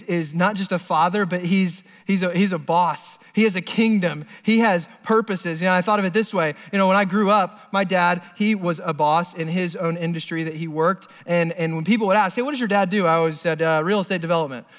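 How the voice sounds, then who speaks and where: A young man with a high, light voice preaches in an earnest, conversational way. His words ring with a long hall reverb, as in a large church. He drops to quiet lines and then rushes through asides. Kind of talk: sermon.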